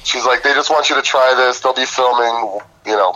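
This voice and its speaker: Man, podcast guest, bright tense voice, casual swearing storytelling. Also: medium pitch, brisk, rough recording. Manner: laid-back profane anecdote teller.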